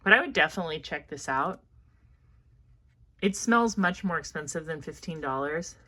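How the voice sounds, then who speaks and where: A woman's voice: low-pitched, expressive, moderate pace, sharp tone. Chatty Midwestern woman reviewing perfumes. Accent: Midwestern American. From American Midwest. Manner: chatty, thinking aloud, lots of fillers. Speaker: fragrance reviewer. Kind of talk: casual product review.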